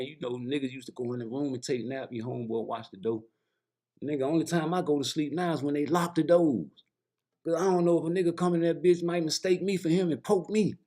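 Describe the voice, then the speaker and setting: A man's voice: medium pitch, a little mellow. A man with a Michigan accent, telling prison stories and boxing opinions in a loose late-night monologue, often acting out other people's voices and laughing. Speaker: vlogger. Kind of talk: casual storytelling monologue.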